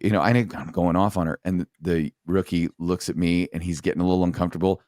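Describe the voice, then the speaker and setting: Middle-aged ex-sergeant guest, very deep voice, blunt and profane, telling stories from the job. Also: male voice, fairly even intonation, a little fast, few pauses, a little mellow, no echo, clean studio sound. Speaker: former police sergeant, podcast guest. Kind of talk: casual storytelling in a podcast chat.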